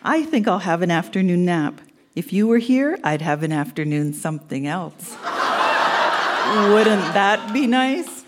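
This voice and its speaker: A woman's voice: on the low side, lively intonation, moderate pace, noisy background. A woman in her sixties from Canada reading her old love letters aloud on a live stage, teasing and laughing through them. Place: live event centre stage.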